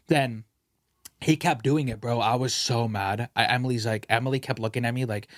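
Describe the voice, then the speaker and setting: A young man co-hosting a casual podcast, telling stories in an animated way with lots of slang and swearing, sometimes mimicking other people's voices. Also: medium pitch, normal speed, no echo, studio quality. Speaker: podcast co-host.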